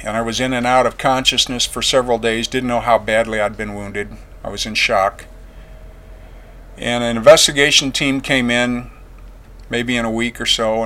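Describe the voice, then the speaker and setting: A veteran gives a personal testimony in a plain-spoken, earnest way, going quiet when painful memories come up. His voice is medium in pitch.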